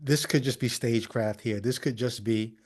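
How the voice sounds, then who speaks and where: This male podcast host speaks at normal speed in a mid-range, slightly mellow voice. He offers critical commentary on a video clip, casually doubtful and leaning on rhetorical questions.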